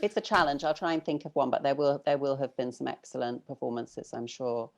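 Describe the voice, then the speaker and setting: A low-pitched British woman, middle-aged, talking casually and thoughtfully as a guest. She muses aloud and laughs easily. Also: fairly even intonation, fairly quick, creaky. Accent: British English. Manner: chatty, thoughtful, laughs often. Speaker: novelist guest. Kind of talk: casual interview chat.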